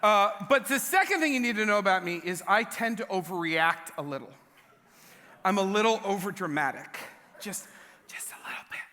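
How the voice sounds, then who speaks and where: A young adult man preaching a sermon in a church, telling a story with animated, self-mocking humor. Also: high-pitched, a little fast. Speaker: pastor. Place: large church hall. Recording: long church hall reverb.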